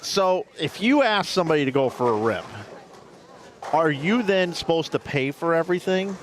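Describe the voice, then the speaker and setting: A man's voice: fairly high pitch, expressive, moderate pace, a little hiss or hum. Curious man asking questions on commentary. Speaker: bowling commentator. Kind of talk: casual chat on a bowling broadcast.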